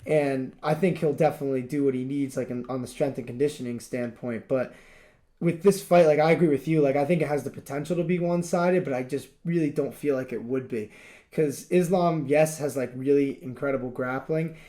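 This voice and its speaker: A man's voice: medium pitch, a little fast, mellow. A young man co-hosting a podcast, talking in a rambling, emphatic casual way with lots of fillers. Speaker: podcast co-host. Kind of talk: casual chat.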